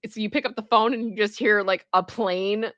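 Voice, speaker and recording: A woman hosting casual reaction commentary, chatty and expressive and quick to laugh. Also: mid-range voice, no room sound, dull audio. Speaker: pop culture reaction host.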